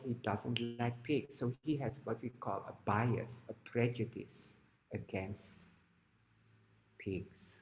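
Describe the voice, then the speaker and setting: An older male teacher giving a storytelling lesson to teenagers, explaining in a gentle, animated way. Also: mid-range voice. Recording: roomy hall reverb.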